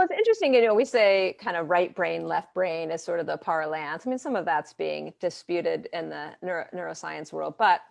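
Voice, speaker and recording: A woman with a lowish, gravelly voice explains her therapy work in an animated interview style, often slipping into quoted dialogue. The sound is dry and close, with no room echo. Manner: animated, talks through examples and quoted dialogue. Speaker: therapist and coach. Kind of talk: conversational interview answers.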